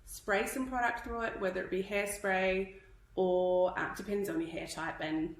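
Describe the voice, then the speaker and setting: A steady, mid-range female voice at normal speed, recorded with reverb and low quality. She's an Australian hairdressing educator giving a live styling tutorial, conversational and instructive, slightly breathless, and fond of checking with "okay?".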